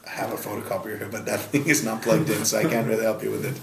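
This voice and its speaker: A man, a rabbi, teaching a Talmud class in a study hall, firing questions at his students in a lively way. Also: fairly low pitch, very fast, gravelly, crowd noise. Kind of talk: interactive Talmud lesson.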